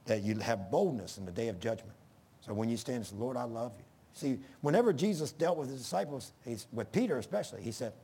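A man's voice: medium pitch, lively intonation, fast talker, dark tone, breathy edge. A middle-aged man preaching a sermon in an earnest, folksy way that rises to emphatic bursts.

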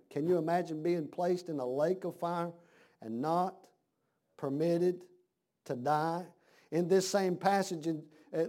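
A man preaching a sermon, dropping to a hush and then rising to shouts with slow, drawn-out emphasis. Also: sits high.

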